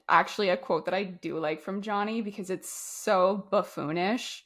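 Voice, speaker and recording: A woman's voice: medium pitch, normal speed, hardly any pauses, fairly bright tone. A young woman co-hosting a podcast, chatting bluntly and sardonically about a movie and swearing casually. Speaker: podcast co-host. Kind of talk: casual movie review chat.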